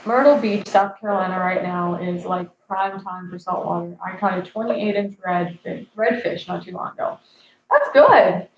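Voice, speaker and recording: A woman's voice: on the low side, steady tone, normal speed, few pauses. A woman in her twenties hosting a fishing live stream, chatting casually, reading viewer comments aloud and laughing at her own jokes. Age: 20s. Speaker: fishing channel host. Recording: echoey, slightly dull live-stream audio.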